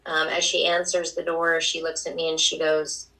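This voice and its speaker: A young adult woman, a guest on a talk show, telling an emotional personal story at a quick pace. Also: deep voice, monotone, pushed and bright, distant mic, low-quality recording.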